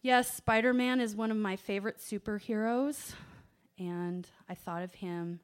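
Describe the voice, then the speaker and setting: A woman telling a personal story to an audience, animated, swinging from hushed asides to loud exclamations. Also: mid-range voice, a little slow, smooth. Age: adult parent.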